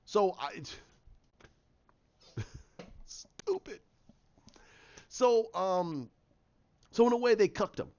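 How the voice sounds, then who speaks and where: A man with a slightly high voice rants through a casual show review. He is animated, swears and acts out the characters' lines as he goes. The recording sounds dull and lo-fi. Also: slow, long pauses.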